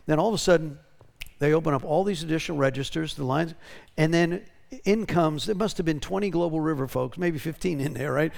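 Gravelly man preaching to a congregation. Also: a little high, brisk, a little mellow. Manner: conversational, tag questions.

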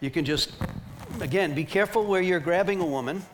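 A man teaching a ministry team and carrying his points through lively, emphatic stories. His voice sits a little high for a man. A faint background noise runs under his talk. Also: fairly quick. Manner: animated, emphatic storytelling with laughs.

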